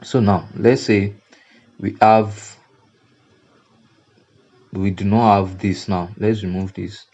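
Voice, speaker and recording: A man with a Nigerian accent walks through a design lesson, circling back to his points and repeating himself as he explains. His voice sits low and mellow, and the recording sounds dull and lo-fi. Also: steady tone, slow pace, pauses often. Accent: Nigerian English. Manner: repetitive, explanatory, frequent "now" and "you see". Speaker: graphic design instructor. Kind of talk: screen-recorded tutorial lecture.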